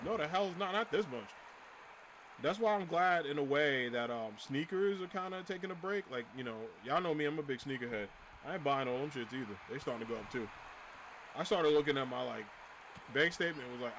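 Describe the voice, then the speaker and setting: A man's voice: on the high side, lively intonation, brisk, fairly bright tone, a little hiss or hum. A man chatting casually on a livestream, ranting animatedly, swearing and laughing often.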